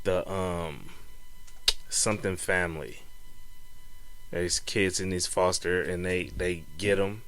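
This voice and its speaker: A young man with a bright, forward voice, chatting loosely on a podcast. He talks in a relaxed, slangy way and keeps tagging his sentences with "man" and "you know what I'm saying.". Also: sits low, slow pace, long pauses, a little hiss or hum. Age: young adult. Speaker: podcast co-host. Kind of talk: casual chat.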